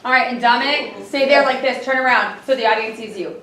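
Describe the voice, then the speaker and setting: A woman directing a play rehearsal, talking animated and acting out the lines as she explains them, with lots of "like". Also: on the high side, brisk, a little hiss or hum. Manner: animated, acts out lines while explaining, many "like"s. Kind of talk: rehearsal coaching. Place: theater or school auditorium. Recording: echoey hall from far off with crowd.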